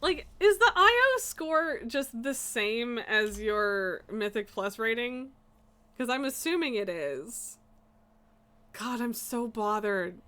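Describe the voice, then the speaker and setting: High-pitched, slow-talking annoyed woman streamer. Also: lively intonation, pushed and bright. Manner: exasperated ranting with frequent laughs and swearing. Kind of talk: casual live-stream rant while gaming.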